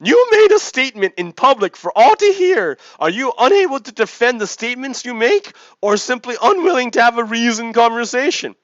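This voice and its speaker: A man putting on a prissy high sea lion. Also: big pitch swings, brisk, hardly any pauses, a bit bright, dry recording, muffled recording, full character voice. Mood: mock-polite. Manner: mock-civil, insistent questioning. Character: overly polite pestering male sea lion.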